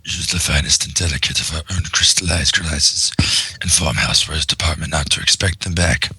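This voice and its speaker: A man voicing a stately elder female pony princess who gives measured, formal commands. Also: extremely low pitch, steady tone, sharp tone, slightly rough, no room sound, full character voice. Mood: commanding. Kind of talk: live read-aloud of a fan comic.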